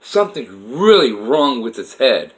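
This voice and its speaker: A man doing a booming solemn god. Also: very animated, unhurried. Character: calm gentle loud male god.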